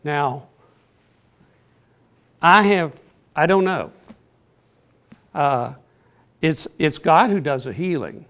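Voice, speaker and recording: An older man teaching an informal Bible class in an earnest, plainspoken, halting way. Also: on the high side, expressive, fairly bright tone.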